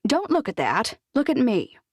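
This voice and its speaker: A woman's voice: a little high, huge pitch swings, moderate pace, husky, no room sound, pitched above the performer's own voice, exaggerated voice. A woman voicing a feisty, bossy older lady. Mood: blunt. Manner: bossy, blunt, teasing.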